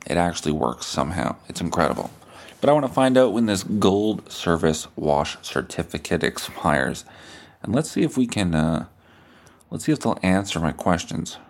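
A man with a lowish voice riffs through a profane, jokey comedic monologue, his pitch leaping around animatedly. He rambles loosely from one bit to the next like a podcast host. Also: sing-song, normal speed. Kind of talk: comedic monologue and prank-style phone call.

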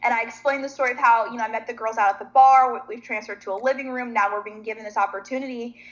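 A woman guest tells her story in an animated, chatty way, acting out the other voices as she goes. Her voice is a bit high, and the sound is slightly dull. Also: quick pace. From Nashville, Tennessee. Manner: animated, chatty storyteller who acts out quotes. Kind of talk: casual storytelling.

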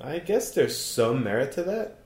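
A man plays the deadpan straight guy in a comedy podcast chat and tosses out leading questions. His pitch moves lively. The room sounds roomy and echoey. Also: normal speed. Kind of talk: joking conversational banter. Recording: roomy echo.

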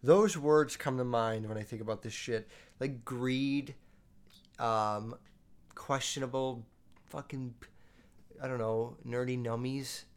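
A man's voice: mid-range voice, fairly even intonation, slow, long pauses, smooth. A young man hosting, rambling casually and swearing a lot as he reacts to clips. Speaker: host. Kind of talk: casual commentary.

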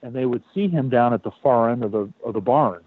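Male podcast host, casual animated storyteller, dry tinny phone-like sound. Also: medium pitch, brisk, slightly rough, no echo. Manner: animated, repeats words, swears.

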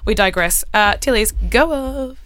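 A woman's voice: fairly high pitch, animated, measured pace, fairly bright tone. Sweary, upbeat Australian woman co-host. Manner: blunt, sweary and enthusiastic. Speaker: podcast co-host. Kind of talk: casual chat.

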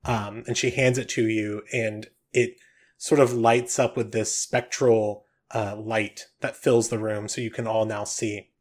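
A man narrating a tabletop game as game master, relaxed and loose. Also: lowish voice, measured pace. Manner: relaxed, with frequent "um"s.

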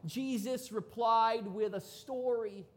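A pastor preaching a sermon in a church, casual and conversational, with sudden loud bursts. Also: mid-range voice, fairly even intonation, slow.

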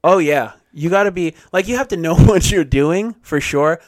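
A man's voice: fairly high pitch, moderate pace, no room sound, clean studio sound. A man co-hosting a podcast in casual chat, easygoing and agreeable, laughing often. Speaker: podcast co-host.

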